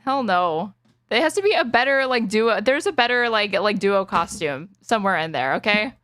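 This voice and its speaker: A woman co-hosts a casual chat, blunt and laughing often, swearing freely. Her medium-pitched voice has lively intonation, a moderate pace and a fairly bright tone, captured as clean studio sound with no room sound.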